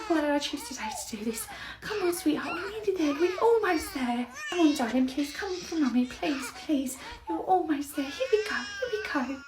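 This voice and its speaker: A woman playing a flustered young mother, pleading with and soothing her toddler. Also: very high voice. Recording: roomy echo, faint noise.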